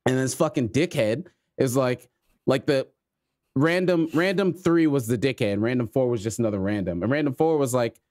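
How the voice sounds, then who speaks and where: A man's voice: mid-range voice, normal speed, a little mellow. A man co-hosting a podcast, rambling casually through a self-deprecating gaming story with some swearing. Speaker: podcast co-host. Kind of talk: casual chat.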